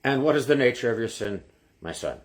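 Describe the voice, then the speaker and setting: A man's voice: mid-range voice, animated, brisk, pitched below the performer's own voice, natural voice. A man voicing an older Irish priest in a joke, with a put-on Irish accent and dry, probing questions. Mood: deadpan. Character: older male Irish priest hearing confession.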